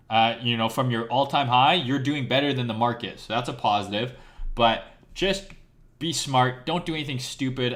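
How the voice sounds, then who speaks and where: A man with a worn, hoarse voice, a crypto trading streamer talking to his viewers in a blunt, casual live-stream rant, swearing freely and often tagging "right?" onto what he says. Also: mid-range voice, fairly bright tone. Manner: blunt, profane, repeats "right?". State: losing his voice.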